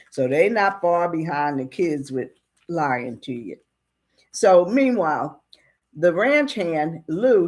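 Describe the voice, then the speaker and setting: A woman's voice: fairly low pitch, darkish tone. A woman casually retelling a western story in a chatty way, with asides to the listener.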